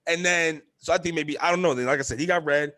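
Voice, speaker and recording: A young man hosting a casual podcast, telling animated stories, swearing freely and acting out quotes in a high voice. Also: quick pace. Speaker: podcast host. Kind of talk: casual chat.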